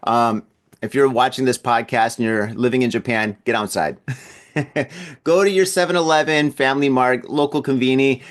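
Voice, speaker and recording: A man's voice: medium pitch, moderate pace. A male podcast host talking casually on his own at home, his voice sitting in an ordinary middle register. He wanders from thought to thought, doubles up his words, and breaks into easy chuckles. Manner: rambling, repeats words, chuckles often. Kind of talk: casual solo podcast monologue. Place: at home in an apartment building.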